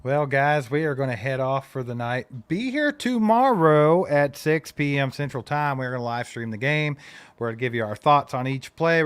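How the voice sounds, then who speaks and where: A man's voice: medium pitch, clean tone, no echo. A man from Kentucky co-hosting a fan show, talking in easygoing, wry livestream banter.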